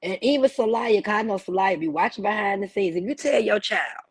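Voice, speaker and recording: A woman's voice: mid-range voice, lively intonation, quick pace, husky, no echo. A woman hosting a livestream, ranting in a blunt, profane and preachy way. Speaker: livestream host. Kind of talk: heated livestream rant.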